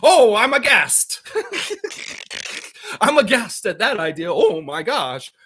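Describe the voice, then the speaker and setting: A scandalized hockey fan gasps and clutches his pearls, as a man acts him out. His voice goes shrill and high, swooping up and down in exaggerated horror. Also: wildly swooping pitch, slow, pushed and bright, breathy edge, heavily acted. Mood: aghast. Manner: gasping, aghast, shrill.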